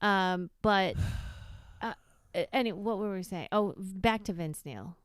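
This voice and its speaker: A woman's voice: medium pitch, slow, no room sound, studio quality. A woman co-hosting a casual podcast chat, chatty and prone to trailing off and restarting. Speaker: podcast co-host.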